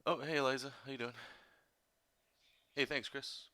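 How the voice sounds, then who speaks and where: A man, a comic artist, chatting casually and somewhat monotonously while he explains drawing steps, rambling with many fillers. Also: mid-range voice, normal speed, dry recording. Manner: monotone delivery. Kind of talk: casual drawing tutorial chat.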